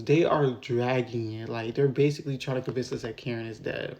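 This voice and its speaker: A man's voice: medium pitch, fairly quick, few pauses. Chatty man giving a rambling recap. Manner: rambling, filler-heavy, animated when venting. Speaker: TV episode reviewer. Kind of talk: casual recap and review.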